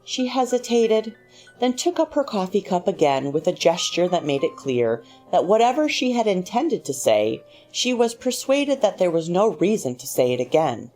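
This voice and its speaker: A woman narrating a short story in a measured, expressive reading voice. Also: on the low side. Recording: faint music underneath.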